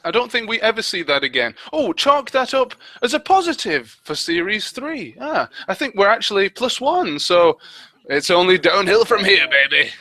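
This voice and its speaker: A man's voice: high-pitched, big pitch swings, moderate pace, sharp tone, dry recording. A man co-hosting a casual fan commentary on an old TV show, playful and sarcastic. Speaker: commentary co-host.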